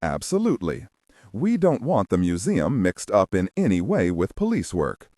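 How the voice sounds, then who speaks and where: Man doing a brusque, dismissive lawyer, low voice, clipped, dry audiobook recording. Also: wildly swooping pitch, moderate pace, darkish tone, no echo. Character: curt, dismissive male museum lawyer.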